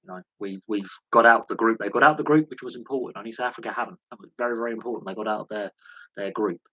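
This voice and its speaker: A man hosting a live sports Q&A, telling rambling anecdotes with lots of restarts and animated quoted dialogue. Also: on the low side, quick pace, no echo, lo-fi sound. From United Kingdom. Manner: rambling storytelling with frequent restarts and animated quoting. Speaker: host of a sports channel. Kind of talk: casual live Q&A chat.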